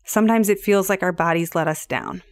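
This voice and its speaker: A woman, probably in her thirties, hosting a reflective solo podcast in a gentle, earnest and measured way. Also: lowish voice, expressive, dry recording, studio quality. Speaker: podcast host.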